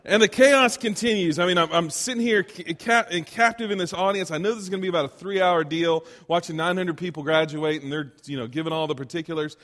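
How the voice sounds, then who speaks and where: Brief: male comic, self-deprecating storyteller, high voice, reverberant hall. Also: quick pace, hardly any pauses. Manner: animated, self-deprecating anecdotes with acted-out quotes. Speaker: comedian. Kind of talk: stand-up storytelling. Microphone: handheld microphone.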